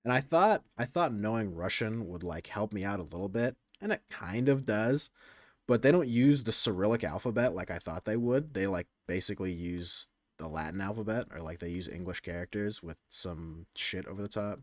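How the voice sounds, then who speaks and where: A young man with a lowish voice and lively intonation chats casually with his stream audience at normal speed. He rambles, gets crude, and keeps interrupting himself to restart sentences. The studio-quality recording has no echo.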